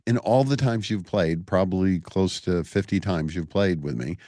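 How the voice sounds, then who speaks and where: A man's voice: deep voice, normal speed, dark tone, no room sound, studio quality. A man hosting a radio interview, keen and laughing easily as he talks with his guest. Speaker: radio host and club owner. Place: radio studio.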